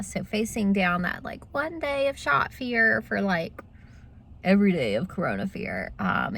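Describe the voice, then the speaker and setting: A woman's voice: mid-range voice, fairly bright tone. A woman, chatting casually to her viewers in a vlog. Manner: chatty, talks straight to viewers. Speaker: vlogger.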